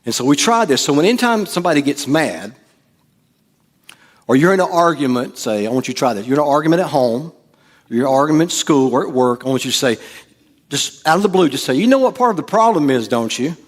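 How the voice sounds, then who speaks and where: A middle-aged man, preaching a sermon as pastor, swinging from hushed asides to loud, animated delivery. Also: mid-range voice, quick pace, in a large hall.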